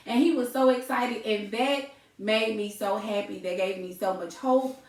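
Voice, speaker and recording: Lady podcast host, animated storytelling, roomy echo, sounds a bit far from the mic. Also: mid-range voice, normal speed. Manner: animated, laughs often, addresses listeners as y'all. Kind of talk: casual storytelling chat. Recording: echoey room, distant mic.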